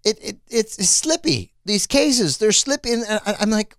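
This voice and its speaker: A man's voice: high-pitched, lively intonation, moderate pace, fairly bright tone, no echo, clean studio sound. A man ranting casually to camera, exasperated, swearing and stumbling over restarts. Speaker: vlogger reviewing a phone.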